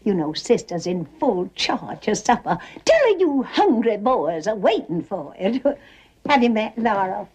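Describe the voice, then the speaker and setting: Playing a chattering, faded Southern belle mother of middle age in a stage drama, this actress uses an American Southern accent and a gushing, theatrical delivery with breathy laughs. Her medium-pitched voice is sing-song and a little mellow, and she keeps a measured pace.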